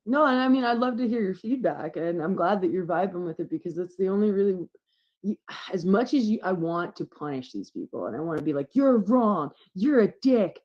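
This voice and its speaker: A woman guest telling a candid story in casual chat, swearing freely and getting animated as she goes. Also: on the low side, a little fast, lo-fi sound. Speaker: podcast guest.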